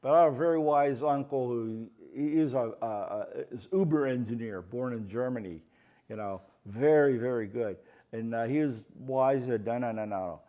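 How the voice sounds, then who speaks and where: An older man from the Pittsburgh area, the featured artist at a live gallery talk, tells rambling, anecdotal stories to an audience, full of "you know" fillers and acted-out voices. His voice is mid-range and warm, at a moderate pace.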